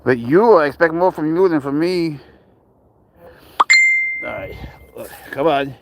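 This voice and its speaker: A man's voice: a little high, a little slow, heavy background noise. A young man from Spain, outdoors, coaxing and cheering on his cat in a playful way. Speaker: pet owner filming his cat. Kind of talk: casual talk to a pet.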